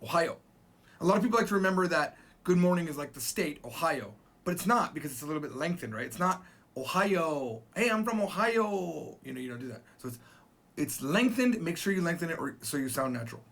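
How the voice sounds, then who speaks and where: A man in his forties giving a casual spoken language lesson, chatty and emphatic, repeating phrases slowly for practice. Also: on the high side, expressive, fairly bright tone. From Japan. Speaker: language teacher.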